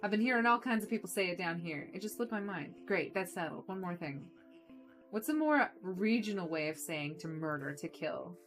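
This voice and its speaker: A woman voicing a small, energetic, rude male film director in a video game, talking brash, loud and condescending. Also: lowish voice, moderate pace, soft background music.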